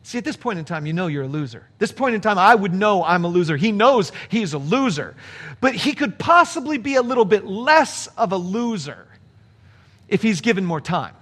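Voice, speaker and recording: A man preaching a sermon as pastor, conversational and animated, asking the congregation rhetorical questions. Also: high-pitched, moderate pace.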